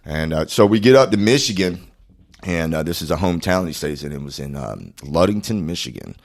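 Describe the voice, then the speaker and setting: Very deep-voiced man telling stories. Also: animated, fairly quick, vocal fry. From Florida. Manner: profane, rambling, laid-back storytelling. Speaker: podcast guest. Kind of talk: casual storytelling.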